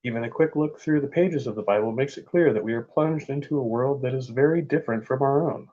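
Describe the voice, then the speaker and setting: Man, casual vlogger, reads book passages aloud, offhand asides, stumbling French, mid-pitched, muffled lo-fi audio. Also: warm tone. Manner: laid-back, offhand asides, halting attempts at French. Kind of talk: casual thrift haul, reading book excerpts aloud.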